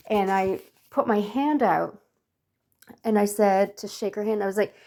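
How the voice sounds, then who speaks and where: A woman's voice: mid-range voice, unhurried, darkish tone. Chatty woman in her sixties. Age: 60s. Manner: chatty, rambling, effusive. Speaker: lifestyle vlogger. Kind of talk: casual storytelling to camera.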